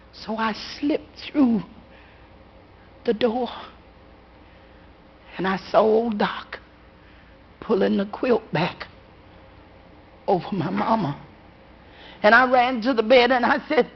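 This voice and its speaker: Slow, gravelly woman storyteller. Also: fairly high pitch. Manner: slow, dramatic, rhythmic telling with long pauses. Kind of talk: spoken ghost story told to a live audience. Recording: dull lo-fi live recording.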